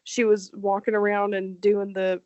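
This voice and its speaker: A woman's voice: medium pitch, level tone, normal speed, darkish tone, lo-fi sound. A woman co-hosting a podcast, chatting playfully and cutting in with questions. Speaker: podcast co-host. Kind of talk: casual chat.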